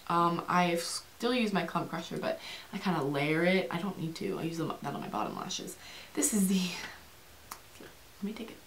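A young woman chatting fast and rambling through a beauty product review, with many fillers and restarts, speaking to camera. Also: on the low side, very animated, vocal fry, slight background noise. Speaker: beauty vlogger.

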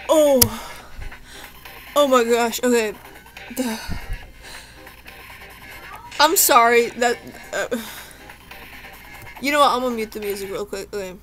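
A woman's voice: a little high, fairly bright tone. Emotional young woman commentating gameplay. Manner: emotional, chatty, talking to herself while playing. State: tearful, shaken. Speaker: gameplay streamer. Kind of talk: let's play commentary.

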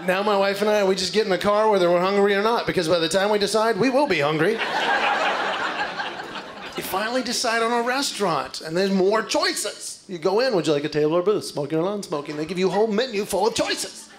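High-voiced man doing stand-up live. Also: brisk. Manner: animated storytelling with acted-out voices. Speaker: stand-up comedian. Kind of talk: stand-up comedy set. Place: stage before a live audience. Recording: live show with loud crowd and noise. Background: audience laughter.

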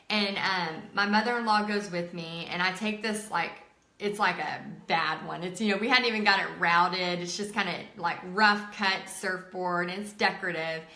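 Thirties woman hosting a live art stream, tells stories in a bright, chatty way, recorded in an echoey room. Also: medium pitch. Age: 30s. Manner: chatty, filler-heavy, emotional retelling. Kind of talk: casual live-stream storytelling.

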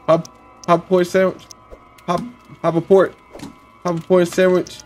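A young man hosts a let's play for his gaming channel, talking along with the game and repeating lines in rhythmic, chanting bursts. His voice is high and monotone at a measured pace, with soft background music.

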